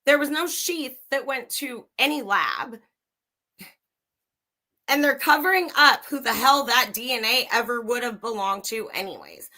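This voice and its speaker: A woman's voice: a little high, measured pace, pushed and bright. A young woman livestreaming true crime commentary, angry, sarcastic and swearing freely as she reads and reacts. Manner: profane, sarcastic, heated.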